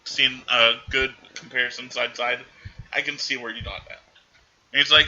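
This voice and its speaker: A man's voice: medium pitch, brisk, sharp tone, lo-fi sound. A man hosting a podcast, casually recapping a film and rambling through quoted lines. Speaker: podcast host.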